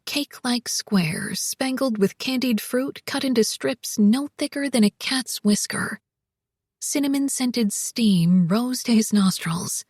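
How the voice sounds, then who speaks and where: Woman narrating a novel, husky breathy voice, dead dry studio sound. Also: fairly high pitch, dry recording. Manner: measured, even storytelling. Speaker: audiobook narrator. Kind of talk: scripted audiobook narration.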